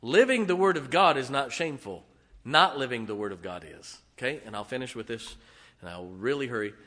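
An older man preaching a sermon in a church, swinging from booming declarations to quiet wry asides. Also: expressive, a little fast. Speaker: pastor. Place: church sanctuary. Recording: long hall reverb.

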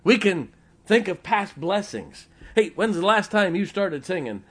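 A man preaching a folksy Baptist sermon, breaking into slow sung hymns and telling humorous stories. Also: high voice, sing-song, husky. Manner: breaks into hymns and scripture, sung slowly and loudly; storytelling with humor.

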